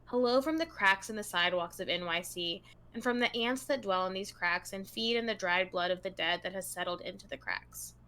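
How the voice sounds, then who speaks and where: A woman co-hosts a true crime podcast with a bright, forward, mid-range voice. She reads long passages aloud in a relaxed, conversational style, moving fairly quickly and barely pausing.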